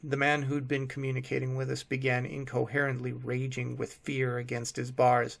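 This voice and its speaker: A man giving scripted horror narration in a measured, grim storytelling manner. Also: mid-range voice, completely flat delivery, creaky.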